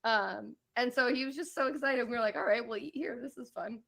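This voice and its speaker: A young woman with a fairly high voice chats as a podcast co-host. She tells a trip story in a loose, casual way, laughs often and acts out what people said. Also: fairly quick, vocal fry, a bit bright.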